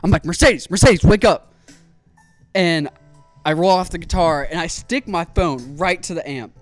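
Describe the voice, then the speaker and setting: Young male streamer, animated and profane, pitched a bit high, light music bed. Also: moderate pace. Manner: animated, swearing, excitable storyteller. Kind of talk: casual storytelling while building a PC.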